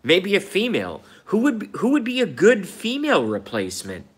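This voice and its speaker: A man's voice: sits high, wildly swooping pitch, a little fast, breathy edge. A man hosting a live stream, ranting heatedly about politics, swearing often and repeating his points, while reading out and answering viewer comments. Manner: heated, profane, repeats himself.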